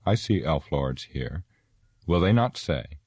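A proud, gruff dwarf, as a deep-voiced man puts him on presses his questions bluntly and urgently, pitched above the narration. The sound is close and dry. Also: big pitch swings, slow, darkish tone, dry recording, exaggerated voice.

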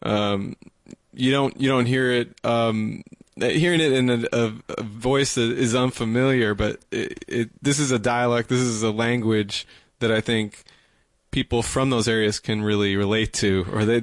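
A man co-hosting a radio talk show, speaking in a halting way and repeating himself. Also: mid-range voice, steady tone, no room sound. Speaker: radio co-host.

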